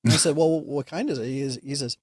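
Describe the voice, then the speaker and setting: A man's voice: mid-range voice, fast talker, no room sound, studio quality. A man, a guest on a talk show, telling a story in casual chat and acting out the lines of the people in it. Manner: animated storyteller, acts out dialogue.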